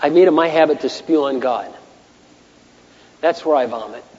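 A man preaching a sermon as pastor, impassioned, dropping to hushed asides and rising to shouted bursts. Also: a little high, moderate pace. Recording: muffled echoey hall.

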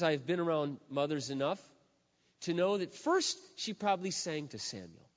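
A middle-aged man preaching a sermon as a pastor, with emphatic, drawn-out stresses and swings from loud to hushed. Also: a little high, lively intonation. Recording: echoey hall, dull lo-fi sound.

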